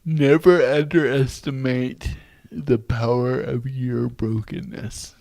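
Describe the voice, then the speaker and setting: A man's voice: mid-range voice, steady tone, gravelly, darkish tone, dry recording. A man who is a guest speaker, telling stories and speaking earnestly about faith in a podcast interview. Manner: slow, deliberate, earnest, faith-based.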